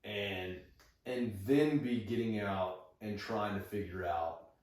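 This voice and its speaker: A man's voice: lowish voice, slow pace, darkish tone. A man in his thirties, a podcast guest talking casually with many fillers and restarts. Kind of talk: casual conversation. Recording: echoey room, far from the mic.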